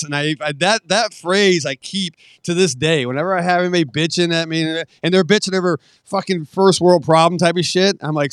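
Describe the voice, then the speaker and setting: A man's voice: fairly high pitch, fairly quick, few pauses, fairly bright tone, no room sound, studio quality. A middle-aged man telling stories in a casual podcast chat, swearing and laughing often as he rambles. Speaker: podcast guest.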